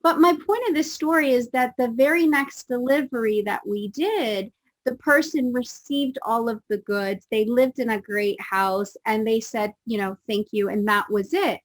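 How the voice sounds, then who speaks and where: A woman guest telling a personal story in conversation, animated and acting out the voices in it. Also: on the high side, unhurried, no echo, rough recording. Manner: animated, acts out voices in her stories. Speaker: guest speaker.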